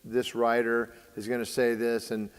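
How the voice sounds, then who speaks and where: This baseball training host speaks smoothly at a moderate pace in a mid-range voice, his delivery completely flat. Chatting casually, he narrates a story and acts out the dialogue of the people in it, often stumbling over uh and um. Long hall reverb surrounds his voice.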